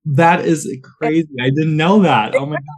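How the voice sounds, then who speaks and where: A man's voice: on the high side, steady tone, normal speed. A man hosting a podcast interview, reacting in an upbeat way and passing questions to the panel. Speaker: podcast host. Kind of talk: moderating an interview.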